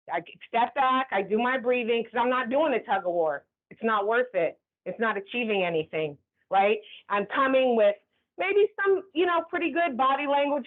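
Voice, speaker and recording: A woman with a high voice runs a staff training session. She talks in a lively, chatty way and keeps checking in with the group. The sound is thin and phone-like. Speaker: workplace trainer. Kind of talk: classroom training talk. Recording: tinny phone-like recording.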